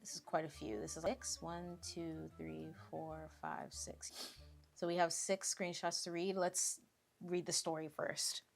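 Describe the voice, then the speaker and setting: A woman's voice: on the low side, level tone, measured pace, vocal fry. A woman vlogger chatting casually and reading an online story aloud, with playful asides.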